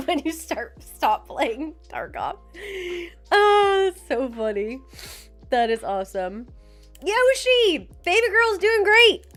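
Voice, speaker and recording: Young woman streamer, high lively voice, unhurried chatty delivery, faint music underneath. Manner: chatty, giggly, reads out viewer names. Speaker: livestream host. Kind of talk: casual chat with viewers. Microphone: desk mic with headphones.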